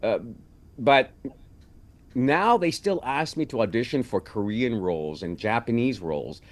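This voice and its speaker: Guest actor, male, from Canada; lively pitch, chatty storyteller. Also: measured pace. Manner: storytelling, animated. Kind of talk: casual interview chat.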